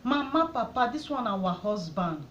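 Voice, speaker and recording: A woman's voice: a little high, big pitch swings, moderate pace, a little hiss or hum. A woman from Edo State with a Nigerian accent, pleading and indignant, firing rhetorical questions straight to the camera as a vlogger. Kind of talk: impassioned address to camera. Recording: echoey room, dull sound.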